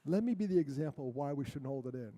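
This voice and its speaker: A male guest speaker telling a personal story to a church audience, animated and self-mocking, with jokes between the serious parts. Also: mid-range voice, fast. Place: church hall. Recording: long hall reverb.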